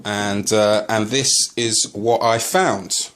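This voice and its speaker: A man from the UK filming a casual unboxing video as a collector vlogger. He speaks haltingly and turns to angry ranting, full of swearing. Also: lowish voice, steady tone, fairly bright tone.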